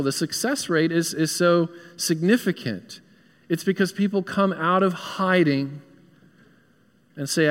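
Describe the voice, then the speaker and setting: A man's voice: a little high, long reverb tail. A man with a Southern US accent, a pastor preaching an earnest, conversational sermon in a church. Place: church sanctuary.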